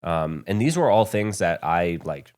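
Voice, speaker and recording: A man's voice: low-pitched, very animated, measured pace, a little mellow, clean tone. A man from the United States, a podcast guest telling his founder story in a candid, profane, rambling way. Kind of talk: casual storytelling interview. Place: podcast studio.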